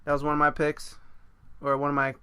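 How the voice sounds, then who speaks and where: A man's voice: fairly high pitch, completely flat delivery, fairly quick, sharp tone, clear, resonant tone, no room sound. A man hosting a casual podcast chat, rambling and joking at his own expense. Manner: rambling, joking and self-mocking. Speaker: podcast host.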